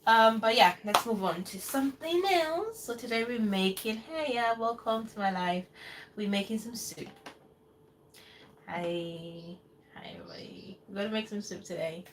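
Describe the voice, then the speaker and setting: A woman's voice: a little high, normal speed. A woman hosting a casual live cooking stream from her home kitchen in the UK, chatting loosely and rambling while she answers viewers. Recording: distant mic with noticeable background noise.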